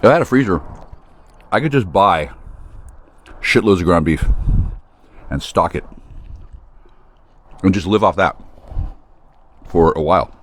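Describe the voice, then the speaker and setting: A man's voice: sits low, expressive, measured pace, long pauses. A man hosting a solo talk stream, rambling in a crude, sardonic way. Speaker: host.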